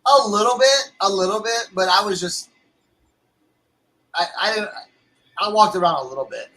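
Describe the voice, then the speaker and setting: A man with a high, bright voice chats casually with a friend. He tells his story with energy and slips into quick voices for the people in it. His tone stays loose and relaxed. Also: a little hiss or hum, poor audio. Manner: animated storyteller, acts out voices in anecdotes. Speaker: co-host. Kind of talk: casual chat.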